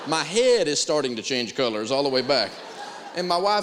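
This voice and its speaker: A man's voice: a little high, normal speed, in a large hall, very noisy. A man teaching personal finance to a live class, telling a story animatedly and acting out the dialogue. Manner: animated, acts out dialogue, chuckles.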